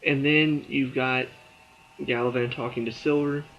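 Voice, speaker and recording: A man's voice: medium pitch, fairly even intonation, measured pace, highs cut off. A tired man reviewing a TV episode in a casual, rambling way, full of fillers and restarts.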